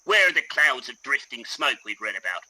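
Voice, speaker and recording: A man's voice: medium pitch, very animated, a little fast, pushed and bright, a little hiss or hum, voice pushed up, poor audio. A man voicing a weary young Australian soldier in a put-on Australian accent, reading a lament aloud.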